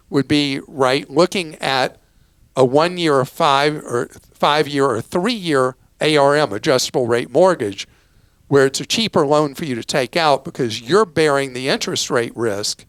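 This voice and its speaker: A man's voice: mid-range voice, no echo. Plain-spoken man hosting advice radio. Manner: plain-spoken, explanatory, casual asides. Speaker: radio show host. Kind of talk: call-in advice talk.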